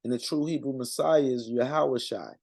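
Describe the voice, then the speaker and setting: A man speaking in an unscripted monologue to his community, earnest and halting, with frequent restarts and fillers. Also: mid-range voice, vocal fry, a little mellow.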